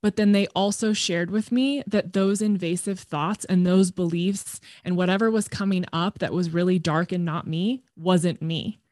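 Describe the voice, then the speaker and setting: Frank podcast guest, woman, expressive storyteller who swears casually; dry recording. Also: fairly low pitch, normal speed, hardly any pauses, no room sound. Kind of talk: candid conversational storytelling.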